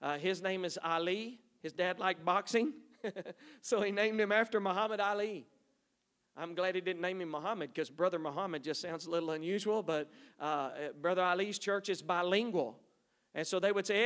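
A man's voice: sits high, normal speed, fairly bright tone. A middle-aged man, a missionary telling folksy stories to a church audience. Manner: folksy, storytelling, addresses audience as y'all.

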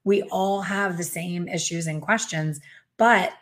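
A middle-aged woman hosts a casual conversation, her voice sitting a little low. She chats in an animated way, slipping into quoted voices as she tells stories about teaching. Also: measured pace. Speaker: hair color educator and host. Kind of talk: casual video call conversation.

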